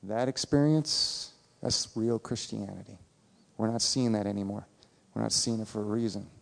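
A man's voice: lowish voice, steady tone, normal speed, gravelly. A man preaching a sermon as a pastor, earnest and emphatic, repeating his points for weight. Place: church sanctuary. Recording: reverberant church hall.

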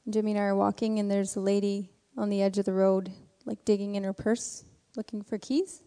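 A woman speaking in a church service, telling a personal story in an animated way and acting out the voices in it. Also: mid-range voice, fairly quick. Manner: animated storytelling with acted quotes. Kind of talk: sermon testimony. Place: church sanctuary. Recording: reverberant church hall.

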